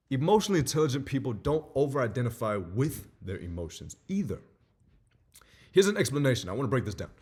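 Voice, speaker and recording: A young man talks through self-help advice in an animated way, acting out small scenes as he goes. His voice has a husky grain, and his pitch leaps up and drops low. It sits at an ordinary middle height for a man. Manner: animated, acts out little scenes. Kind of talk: motivational talk to camera.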